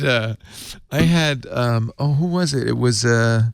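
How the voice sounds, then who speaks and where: A man hosting a casual tech podcast, animated and often laughing, his voice jumping up when excited. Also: medium pitch, slow pace, vocal fry, no echo, clean studio sound. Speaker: podcast host.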